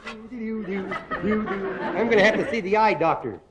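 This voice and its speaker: Simple country bumpkin, high and bouncy, over loud studio laughter on old TV sound. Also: male voice, lo-fi sound, a loud crowd. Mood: goofy. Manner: slow, goofy, rambling comic delivery. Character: dim-witted simple country bumpkin man. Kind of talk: 1960s TV sketch comedy before a live audience. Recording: noisy old TV broadcast with loud audience laughter. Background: studio audience laughing.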